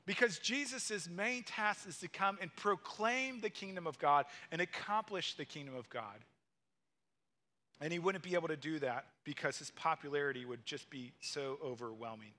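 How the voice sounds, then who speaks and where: A man's voice: a little high, pushed and bright. A young man preaching a sermon in a conversational way, walking through a passage and acting out the quotes. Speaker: pastor.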